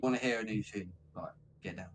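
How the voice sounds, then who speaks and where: A man's voice: fairly low pitch, a little fast. A man, a band vocalist telling casual stories, swearing freely and calling people mate. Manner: swears freely, says "mate" often, animated. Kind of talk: casual storytelling chat.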